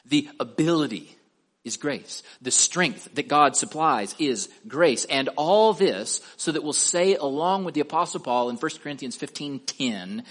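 Man preaching with slow, stressed endings. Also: fairly high pitch, lively intonation. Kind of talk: sermon.

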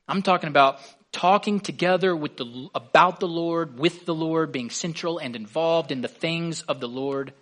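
A man's voice: on the high side, normal speed, few pauses, a bit bright. A man preaching a sermon as a pastor, earnest, with his voice swelling on key words.

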